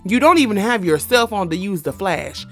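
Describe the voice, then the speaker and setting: A woman retelling a horror film plot in a casual, animated, slangy and profane way, dropping into quick character voices. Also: mid-range voice, faint music behind. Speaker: movie review vlogger. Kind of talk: casual movie recap.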